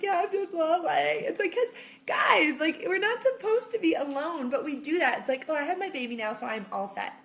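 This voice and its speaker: Talking casually into the camera, a high-pitched woman in her thirties vlogs about motherhood. She offers viewers reassurance and acts out quotes in animated voices.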